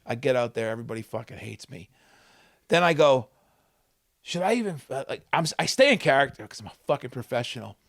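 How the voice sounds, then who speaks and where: A man, a comedian guest on a podcast, telling a story with a profane, excitable manner and loud acted-out quotes. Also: medium pitch, a little fast, creaky. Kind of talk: animated storytelling. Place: podcast studio.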